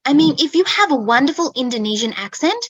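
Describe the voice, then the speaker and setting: Quick and sing-song, this woman's high, fairly bright voice carries an emphatic online English chat that she hosts as a teacher, repeating points and checking in with "okay?" again and again. She grew up in Australia, and the recording is dry and dull.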